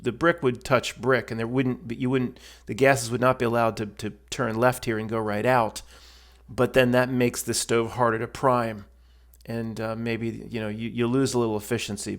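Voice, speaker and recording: A man's voice: medium pitch, vocal fry. A man giving casual, blunt voice-over commentary on a stove build video, rambling with many restarts and fillers.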